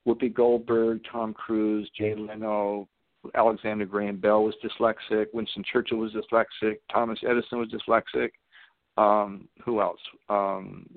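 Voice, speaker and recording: With a fairly low, level voice at normal speed and no room sound, a man phones into a radio show as a guest. A seminar teacher, he tells anecdotes and acts out their characters, heard over a tinny, dry phone line.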